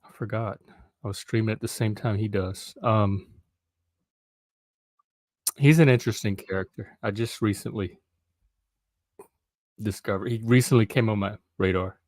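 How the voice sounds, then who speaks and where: Middle-aged guy rambling on his live stream, lotta ums, lowish voice, dry close mic. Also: steady tone, moderate pace, pauses often, a little mellow, no room sound. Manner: rambling, hesitant, lots of ums. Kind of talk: casual solo live stream chat.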